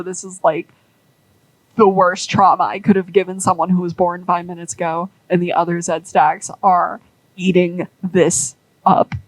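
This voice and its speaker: A woman's voice: lowish voice, dry recording, poor audio. A young woman rambling through a casual story with many fillers and an amused tone.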